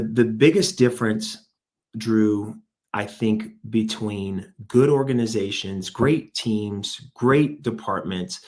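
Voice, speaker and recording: A man's voice: on the low side, a little mellow. A middle-aged man, a former pro football player, telling his story in an interview with an emphatic, motivational manner. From United States. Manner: emphatic, motivational, quotes himself and others. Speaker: guest, former NFL player and speaker.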